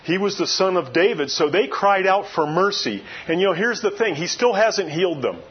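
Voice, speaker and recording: Husky high-voiced man preaching conversationally. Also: animated, moderate pace, highs cut off. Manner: conversational storytelling with many "you know" asides. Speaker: pastor. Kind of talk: sermon.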